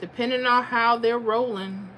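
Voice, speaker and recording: A woman's voice: on the high side, steady tone, normal speed, muffled recording, slight background noise. A woman hosting a casual livestream, reading out viewer comments and talking through number patterns aloud. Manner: chatty, reads viewer comments, thinks aloud over numbers. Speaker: lottery livestream host.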